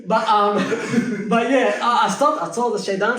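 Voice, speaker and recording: A young man telling a story on a podcast as a guest, animated, acting out the dialogue of people in his story and laughing through the punchlines, often using religious expressions. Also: high-pitched, moderate pace. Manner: peppers speech with religious expressions. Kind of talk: casual storytelling chat. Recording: roomy echo, mic at a distance.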